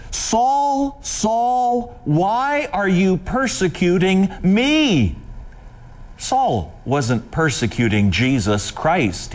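A man preaching a sermon in a slow, impassioned manner. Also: a little high.

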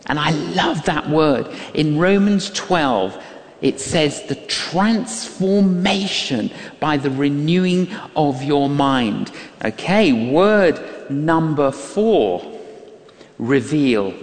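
Older preacher in a reverberant hall. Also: male voice, a little high, very animated, extremely slow. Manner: emphatic, repeats key lines, acts out quoted voices. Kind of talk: sermon with storytelling.

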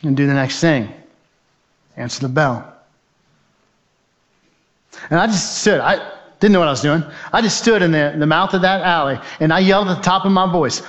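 A man's voice: fairly high pitch, normal speed, long pauses, lo-fi sound. A man giving a testimony as a speaker, telling his story vividly and urgently and acting out the voices in it. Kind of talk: dramatic personal storytelling speech.

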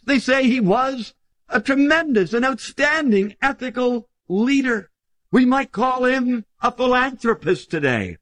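A man preaching a sermon in an emphatic style, lifting his voice for stress and slowing down on key phrases. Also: fairly bright tone, no echo. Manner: emphatic, swings pitch widely for stress, slows on key phrases.

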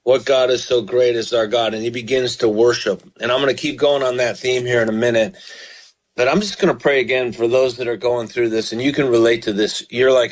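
A man's voice: steady tone, a little fast. Guy preaching on the radio, earnest and pleading, reads bible verses then explains them. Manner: earnest, pleading, rises in pitch voicing the psalmist. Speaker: radio preacher taking calls. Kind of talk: broadcast sermon with scripture reading.

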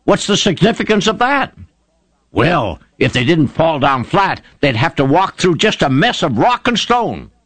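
A man's voice: fairly high pitch, sing-song, measured pace, a bit bright, no room sound. A man preaching a sermon, retelling scripture stories with fervent, emphatic delivery. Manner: fervent, emphatic storytelling with rising exclamations.

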